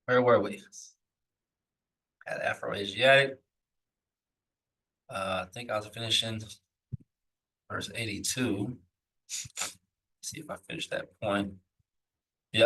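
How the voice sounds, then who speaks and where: A man teaching a live lesson, reading old texts slowly aloud and then explaining them in loose, searching asides. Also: fairly low pitch, bright, forceful tone, far from the mic, rough recording. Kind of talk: live recorded scripture lesson.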